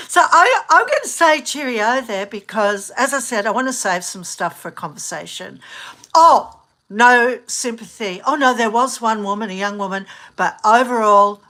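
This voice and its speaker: A middle-aged woman from Australia chatting casually in a rambling, animated way, laughing often and restarting her sentences. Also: fairly high pitch, measured pace. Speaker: vlogger. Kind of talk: casual chat.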